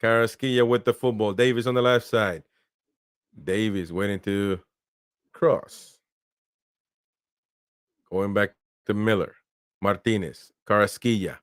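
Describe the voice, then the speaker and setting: Smooth casual watchalong host, man. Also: on the low side, fairly even intonation, a little slow, pauses often, no echo, clean studio sound. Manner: casual play-by-play, talks to viewers, laughs often. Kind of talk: live match commentary and chat reading.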